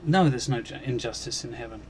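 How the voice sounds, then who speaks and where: A man hosting a Christian channel, earnestly recounting a dream as personal testimony, halting and restarting, and growing emphatic on key points. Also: medium pitch, a little hiss or hum. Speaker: Christian video channel host.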